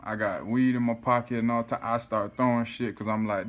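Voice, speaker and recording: Animated man telling a story. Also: mid-range voice, a little fast, hardly any pauses. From South Florida. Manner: animated, swears often, keeps saying "you feel me". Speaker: vlogger. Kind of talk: casual storytelling to camera.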